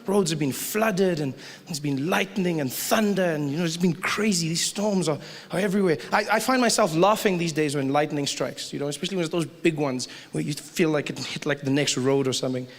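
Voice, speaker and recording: A man with a South African accent performing a stand-up set, animated and full of exaggerated asides. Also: fairly high pitch, a little fast. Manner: animated, jumps into mock voices and exaggerated asides. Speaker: stand-up comedian. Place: theater stage before a live audience. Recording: live hall with crowd and hiss.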